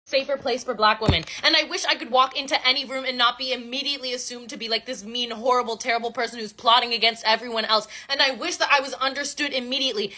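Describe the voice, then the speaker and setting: A woman's voice: sits high, pushed and bright. A woman giving an impassioned monologue, emphatic and pained.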